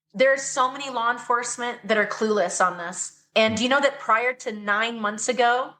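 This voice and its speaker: A woman's voice: a little high, sharp tone. A woman guest on a podcast interview, speaking earnestly and with conviction about her advocacy work. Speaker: guest, anti-trafficking advocate.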